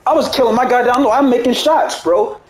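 Brisk and very high-pitched, this man makes gaming videos and is angrily ranting at his audience over gameplay. He's heated, profane, and repetitive, tacking "bro" onto his lines, and the audio is poor and reverberant.

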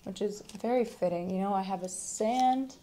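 A young woman chats to her viewers, upbeat and enthusiastic. Her voice sits at an everyday middle pitch, and a faint hiss runs underneath. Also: moderate pace, dark tone. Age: young adult. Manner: chatty, enthusiastic, addresses viewers as guys. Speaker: vlogger. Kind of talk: casual beauty product talk to camera.

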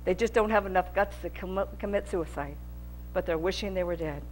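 A woman's voice: lowish voice, fairly quick, darkish tone, a little hiss or hum. A woman teaching a Bible lesson in an earnest, repetitive preaching manner, sometimes rising in volume for emphasis. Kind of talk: sermon teaching.

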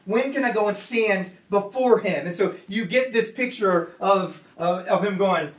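A man's voice: sits high, normal speed, hardly any pauses, fairly bright tone. A man preaching a casual sermon as pastor, talking in a loose, conversational way with many fillers and restarts. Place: church hall. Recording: echoey hall, voice from far off.

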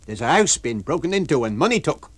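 A man voicing a blustering rustic village constable in a radio book reading, talking in a dogged, loud, countrified way. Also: on the high side, big pitch swings, fast. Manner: dialect speech, dogged and loud.

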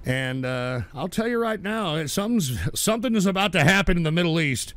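A man hosting a live radio show, ranting and suddenly breaking into shouting and swearing. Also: sits high, brisk, no room sound. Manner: excitable, bursts into shouting and swearing. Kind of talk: live call-in radio rant.

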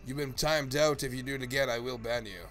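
A man's voice: medium pitch, steady tone, quick pace, a bit bright, faint music behind. A man live-streaming a game, chatting playfully and greeting viewers by name as he plays. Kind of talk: casual live-stream chat.

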